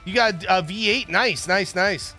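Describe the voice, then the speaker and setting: Bright-voiced jokey male streamer. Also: sits high, unhurried, faint music behind. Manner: rambling, jokey, chatting with viewers. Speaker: stream host. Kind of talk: casual livestream chat.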